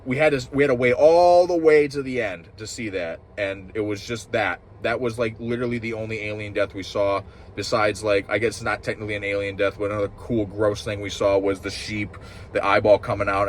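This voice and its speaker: A man giving a rambling, frustrated review, swearing often and restarting his sentences while clearly upset. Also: on the low side, fairly quick, slight background noise. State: upset and agitated. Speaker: show reviewer. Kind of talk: ranting casual review.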